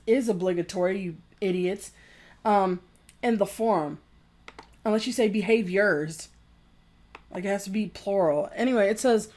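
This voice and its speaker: A woman's voice: mid-range voice, darkish tone. A woman vlogger giving a profane, exasperated and mocking rant about forum rules. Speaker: game reviewer vlogger. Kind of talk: angry rant commentary.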